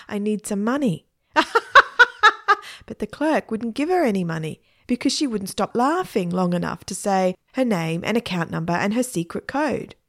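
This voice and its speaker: A woman's voice: fairly low pitch, darkish tone. A woman narrating a children's story in a playful way, shifting into voices for the characters.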